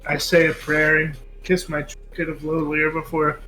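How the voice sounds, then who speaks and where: A man describing his character's actions in a tabletop game in an earnest, storytelling way. His voice is fairly high for a man. Faint music plays in the background. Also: monotone, normal speed, sharp tone, low-quality recording. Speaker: player. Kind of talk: casual tabletop play.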